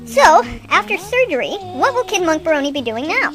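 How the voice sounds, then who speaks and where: A woman's voice: very high voice, sing-song, fairly quick, a bit bright, soft background music. Teasing, chatty woman host. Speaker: radio show host. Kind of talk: improvised radio comedy.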